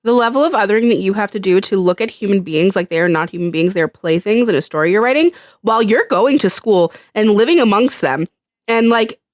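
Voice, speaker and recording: A woman co-hosting a casual podcast chat, expressive, swearing freely and acting out quotes. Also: mid-range voice, a little fast, no room sound, studio quality. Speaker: podcast co-host.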